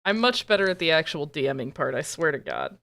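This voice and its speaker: A woman's voice: low-pitched, big pitch swings, fast talker, gravelly, a bit bright, slight background noise. A woman running a tabletop game stream, self-deprecating and swearing often as she chats with her players. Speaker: game master. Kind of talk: casual chat opening a tabletop game stream.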